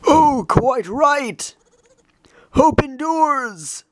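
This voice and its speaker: Woman voicing a slow-talking, stuffy old steward; dry, close sound. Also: sits high, expressive, dry recording, pitched above the performer's own voice, heavily acted. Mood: indignant. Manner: slow, indignant and old-fashioned. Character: fussy, proper old mushroom steward.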